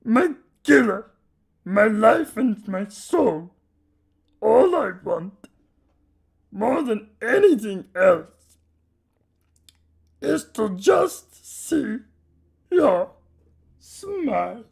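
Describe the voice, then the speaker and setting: A man voicing a hulking, simple-minded male brute who speaks in broken, slow phrases with a Russian-tinged put-on accent. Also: high voice, big pitch swings, voice pushed up, exaggerated voice. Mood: mournful. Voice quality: gravelly, raspy, broken speech. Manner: slow, loud, shouting. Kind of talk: dramatic story reading.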